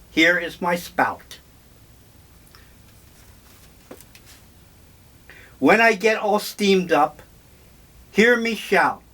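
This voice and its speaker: An older man voicing his stout little grandmother as she recites a nursery rhyme in a drawn-out sing-song. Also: sits high, a bit bright, full character voice.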